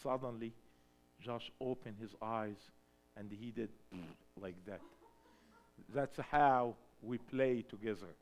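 A man preaching a sermon in English, which is not his first language, swinging between loud emphatic cries and hushed storytelling. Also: medium pitch, slow pace. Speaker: pastor.

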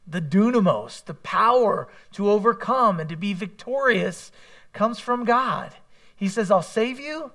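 A man's voice: high voice, expressive, unhurried, pushed and bright. A man preaching a sermon in a conversational way, mixing scripture with candid personal asides. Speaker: pastor.

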